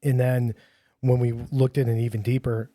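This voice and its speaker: A man's voice: mid-range voice, level tone, normal speed, mellow, no echo, clean studio sound. A middle-aged man, a firefighter who founded a nonprofit, chatting casually on a podcast in a rambling, self-deprecating way with lots of fillers.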